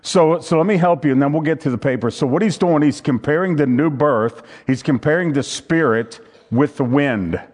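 A man's voice: a little high, normal speed, a little mellow. A man preaching a sermon, reading scripture aloud and teaching from a handout with emphatic repetition.

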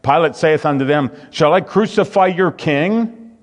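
A man's voice: a little high, unhurried. A man preaching in a hall with a long echo trailing his words. He reads scripture aloud and pushes up into fervent emphasis as he drives home his points. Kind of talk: sermon.

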